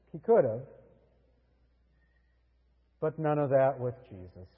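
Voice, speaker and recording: A man preaching a sermon as pastor, earnest and deliberate, with dramatic pauses. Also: medium pitch, expressive, slightly rough, big-room sound, phone-quality sound.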